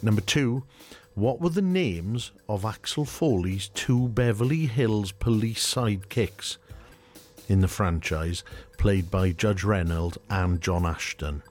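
A man's voice: low-pitched, darkish tone. A middle-aged man, hosting a radio show in a studio, chatting casually and running a quiz in a jokey, chuckling manner.

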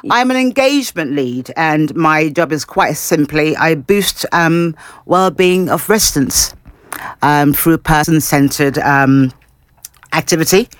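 Woman care worker on the radio, low voice, dry close mic, earnest and keen. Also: takes it slowly, no room sound. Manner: warm, earnest, enthusiastic, uses fillers. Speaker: care home engagement lead, radio guest. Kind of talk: casual radio interview. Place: radio studio.

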